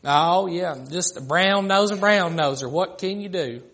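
A man's voice: sits high, measured pace, fairly bright tone. A man preaching a sermon, acting out the mocking voices of critics.

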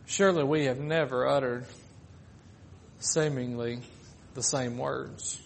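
A man preaching a sermon, moving between raised pleading lines and soft, slowed phrases, with casual asides. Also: medium pitch, steady tone, gravelly. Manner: swings from loud pleading to hushed, drawn-out phrases.

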